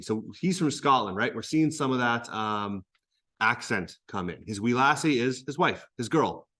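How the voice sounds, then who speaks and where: A man, a teacher reading a history book aloud and breaking off for chatty explanations. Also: medium pitch.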